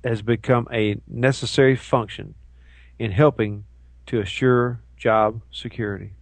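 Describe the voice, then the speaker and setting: A man co-hosting a casual talk show, ranting in an animated way and mocking people with put-on voices. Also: medium pitch, measured pace, gravelly, no room sound. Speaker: co-host. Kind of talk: casual chat show banter.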